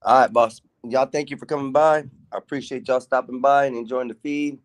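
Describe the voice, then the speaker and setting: A man's voice: mid-range voice, steady tone, fairly quick, dry recording. A man on a livestream call, speaking outdoors in a laid-back, polite way. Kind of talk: casual livestream chat. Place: outdoors behind his house.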